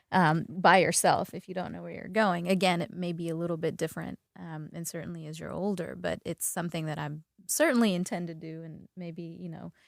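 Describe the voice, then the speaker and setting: Chatty woman with a gravelly voice. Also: lowish voice, no room sound, clean studio sound. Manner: rambling storyteller, curious. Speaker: interview guest, daughter. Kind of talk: casual conversation.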